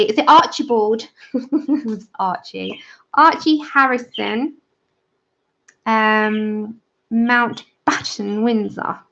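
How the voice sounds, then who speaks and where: A woman chats at an easy, slow pace as she colors on a livestream, her fairly high voice catching into gravelly fry. She talks straight to her viewers and answers their chat messages. The sound is a little dull and lo-fi. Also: fairly bright tone. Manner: chatty, reads out and answers live chat. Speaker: livestream host. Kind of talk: casual chat while coloring.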